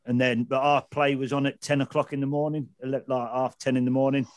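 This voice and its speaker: A man's voice: medium pitch, level tone, fast, dry recording. Teasing man with a dry sound. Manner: teasing, storytelling. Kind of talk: casual chat among friends.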